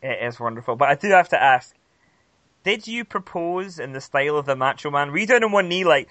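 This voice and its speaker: A man's voice: fairly high pitch, lively intonation, fairly quick, pushed and bright, no room sound. A man co-hosting a podcast in casual chat, playful and teasing. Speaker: podcast co-host.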